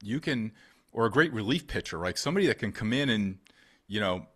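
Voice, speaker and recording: A man's voice: fairly low pitch, lively intonation, a little fast. A man hosting a podcast in casual chat, rambling with many restarts and sports comparisons. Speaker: podcast host.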